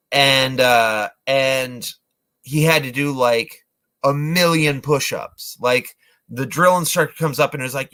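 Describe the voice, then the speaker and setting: Man, movie reviewer, casual retelling, filler-heavy, average pitch. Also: sharp tone. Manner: rambling, filler-heavy, acts out lines.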